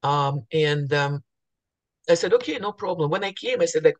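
A female real estate agent with a low-sitting, expressive voice tells stories to fellow agents at a normal pace, restarting sentences and acting out snippets of dialogue. She has a morning voice and clears her throat.

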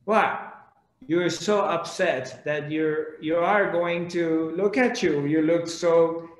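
A man's voice: fairly even intonation, slow pace. An insistent old mystic, put on by a man storyteller pushes his questions in a raised, lifted voice. The recording has a roomy echo. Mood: chiding. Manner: insistent, higher and louder than the narrator. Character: persistent curious old man, calm mystic.

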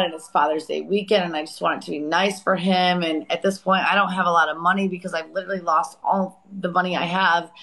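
A woman in her forties telling a painful personal story on a live chat, raw and profane, breaking into loud re-enacted outbursts. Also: on the low side, rough recording. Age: 40s.

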